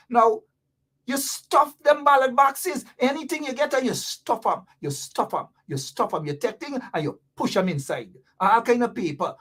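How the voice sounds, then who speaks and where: This Guyanese man speaks in a Guyanese Creole accent, his voice sitting high, a bit bright and slightly rough. He hosts a live-stream talk show, reading out viewer comments and explaining local slang with lots of repetition.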